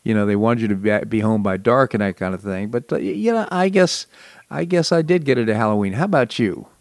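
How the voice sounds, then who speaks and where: A man's voice: on the low side, expressive, quick pace, vocal fry, no room sound. A man hosting a talk show, chatting casually about politics and memories, with frequent chuckles. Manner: conversational, chuckles often. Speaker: radio show host.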